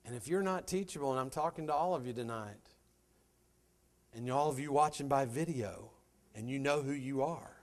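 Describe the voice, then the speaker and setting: A man's voice: medium pitch, normal speed. A middle-aged man giving a folksy motivational talk to a live audience, telling stories and addressing listeners directly. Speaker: motivational speaker.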